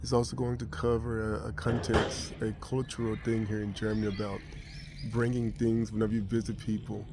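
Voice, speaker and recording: A man's voice: fairly low pitch, flat delivery, brisk, very noisy. An American man vlogging, telling a personal story casually with many restarts and fillers. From United States.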